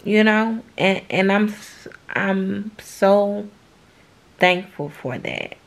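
Woman vlogger, crying softly, slow halting delivery. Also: medium pitch, creaky. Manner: tearful, heartfelt, slow and halting. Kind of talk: emotional casual vlog talk.

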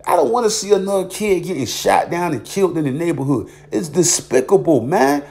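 A man's voice: high voice, very animated, brisk, creaky, a little mellow. A man, ranting bluntly in a heated, profane vlog commentary. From Virginia, USA. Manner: repeats filler tags. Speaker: vlogger. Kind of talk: angry commentary monologue.

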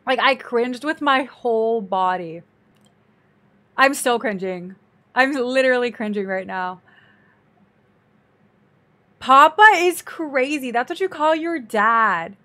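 A woman streams her reaction to a video, speaking slowly and pitched a little high. She is dramatic and exclamatory, often turning to her chat. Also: animated, a bit bright. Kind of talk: casual reaction commentary.

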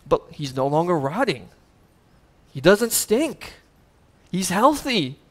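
A pastor preaching with a voice pitched a little above most men's. He builds to loud, emphatic peaks, then drops into casual, conversational asides. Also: big pitch swings, takes it slowly. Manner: conversational asides with fillers and chuckles. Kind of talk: sermon.

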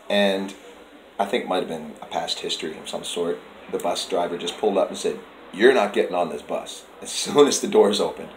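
A man narrating a casual vlog and softly coaxing a timid pet. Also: sits low, roomy sound, slight background noise, low-quality recording. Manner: soft coaxing talk to a pet. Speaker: vlogger.

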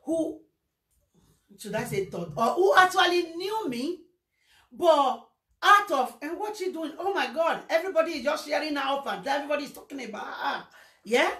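A woman with a Nigerian accent telling a personal story in a casual livestream, animated and slipping into Pidgin. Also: high voice. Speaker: social media presenter. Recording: echoey room.

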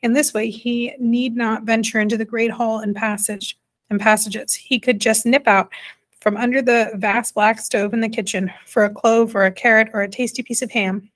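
Woman reading a kids' book out loud, steady pace, fixes a word here and there, higher voice. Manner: measured reading with small self-corrections. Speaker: reader. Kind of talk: children's storybook read aloud.

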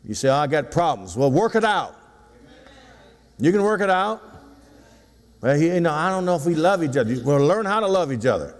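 In a church sanctuary thick with long hall reverb, a pastor in his sixties preaches in a sing-song voice on the high side. He speaks at normal speed with long pauses, teasing folksily and calling for responses from the congregation.

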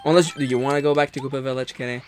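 A man's voice: medium pitch, steady tone, very fast, faint music behind. A man co-hosting a casual let's-play, reacting to his partner with teasing exasperation. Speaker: co-host playing a game. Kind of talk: casual gameplay chat.

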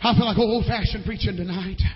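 A man preaching a holiness sermon, fervent and often shouting. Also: high voice, fairly even intonation, fairly quick, in a large hall, lo-fi sound.

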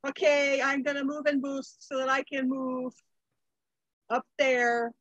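A woman's voice: sits high, level tone, a little slow, fairly bright tone, no echo, dull audio. A woman playing a tabletop game, thinking aloud about her moves and asking how the rules work. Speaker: player.

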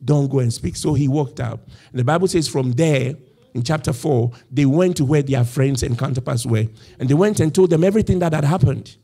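Animated man preaching with a mellow voice. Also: a little high, brisk, vocal fry, slightly rough. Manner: animated storytelling, acting out quoted voices with laughs. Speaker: pastor. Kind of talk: sermon. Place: church.

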